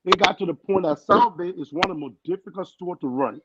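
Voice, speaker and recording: A young man with a foreign accent tells his story on a podcast call, and his fairly high voice has an earnest, lively drive. The sound is dull and lo-fi, with loud noise underneath. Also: fairly quick. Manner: earnest, animated storyteller acting out quoted people. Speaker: guest. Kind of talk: casual storytelling.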